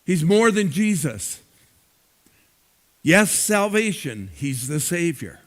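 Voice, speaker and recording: A man preaching a sermon as pastor, slow and emphatic, repeating words for stress. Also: on the high side, very animated.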